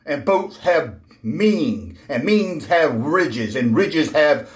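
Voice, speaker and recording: A smug villainous trickster who rambles nonsense in a lower, mock-menacing voice, as a man puts him on. The room adds a clear echo. It plays as a comic parody skit. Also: expressive, takes it slowly. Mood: rambling. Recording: roomy echo.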